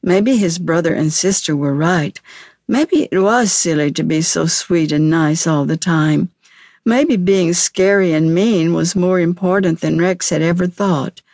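A woman narrating a children's storybook audiobook in a measured, clear storytelling manner. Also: on the low side, a little mellow, no echo, clean studio sound.

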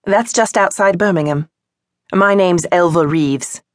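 A woman's voice: lowish voice, unhurried, no room sound, studio quality, close to an everyday voice. A woman narrator voicing a polite, modest young parlour maid with a Midlands accent, in an audiobook. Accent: Midlands English.

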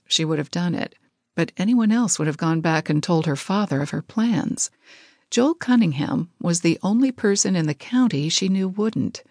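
A woman narrating a romance audiobook in a measured storytelling manner, on a close studio mic. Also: fairly low pitch, a little mellow, no room sound.

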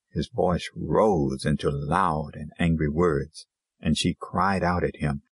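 A man narrating an audiobook in a measured storytelling manner. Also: a bass voice, husky, no room sound. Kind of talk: scripted narration.

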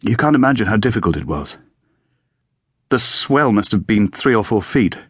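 Shaken young RAF pilot read by a man, clipped slang, lowish voice, dry close sound. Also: sing-song, normal speed, husky, no room sound. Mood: grim recollection. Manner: clipped British airman's slang.

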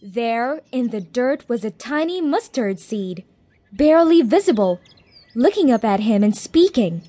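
Gentle high-voiced woman reading a children's story. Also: sing-song, a little slow. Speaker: audiobook narrator.

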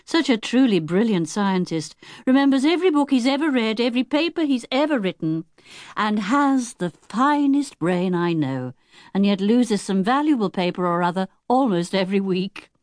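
A woman's voice: medium pitch, expressive, moderate pace, darkish tone, dry recording, clean studio sound, pitched above the performer's own voice, lightly acted. A woman narrator voicing a kindly, sensible middle-aged mother in a children's audiobook. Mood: fond. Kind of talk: audiobook character voice.

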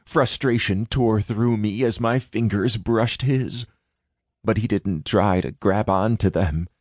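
A man's voice: fairly low pitch, slow, darkish tone, no room sound, studio quality. A man narrating a first-person audiobook in a dramatic, intense reading.

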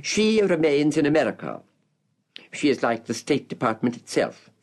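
A man narrating an audiobook's literary introduction in a measured, expressive reading with marked pauses. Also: on the high side.

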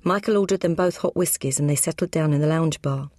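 A woman reading an audiobook crime novel aloud, brisk and matter-of-fact. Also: low-pitched, darkish tone, no echo, studio quality. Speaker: audiobook narrator. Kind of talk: scripted narration.

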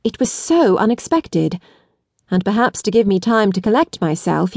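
A woman narrating an audiobook with a measured, deliberate reading. Her voice sits at a middle pitch. The recording is dry and close, with no room sound. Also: lively intonation, dry recording. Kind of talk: scripted narration.

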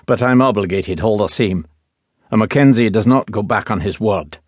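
A gruff young Highland warrior with a Scottish accent, blunt and proud, as a male narrator plays him. He speaks low, terse and clipped in an audiobook romance. The voice sits close and dry. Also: normal speed, darkish tone, dry recording.

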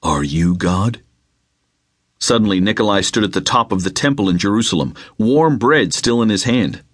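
A man reading an unabridged novel aloud, with measured, dramatic storytelling into a close mic. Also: on the low side, lively intonation, no echo. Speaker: audiobook narrator. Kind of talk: scripted narration.

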